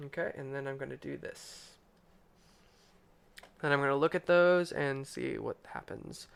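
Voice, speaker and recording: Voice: medium pitch, unhurried, vocal fry, pauses often, clean tone. A game master narrating a tabletop game casually, laughing often between filler words.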